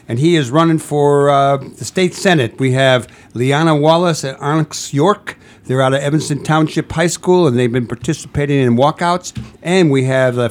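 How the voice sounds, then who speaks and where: A man hosting a live radio show, upbeat and teasing his co-hosts. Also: a little high. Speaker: radio host.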